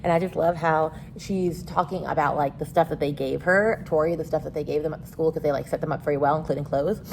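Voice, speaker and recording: A young woman vlogging casually about a book she is reading, chatty and animated, with mock-outraged asides and casual swearing. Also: sits low, fast talker, gravelly, a little hiss or hum.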